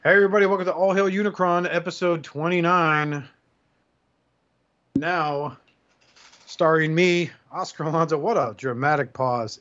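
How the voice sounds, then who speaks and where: Male podcast host, high voice, teasing intros, dull lo-fi sound. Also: normal speed, fairly bright tone. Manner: joking, playful introductions. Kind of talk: casual podcast chat.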